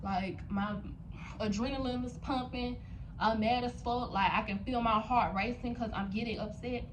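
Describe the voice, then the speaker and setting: A woman's voice: on the high side, steady tone, moderate pace, a little hiss or hum, low-quality recording. A young woman vlogger telling a story to her viewers, heated and profane, addressing them directly. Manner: talks straight to viewers. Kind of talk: storytime vlog.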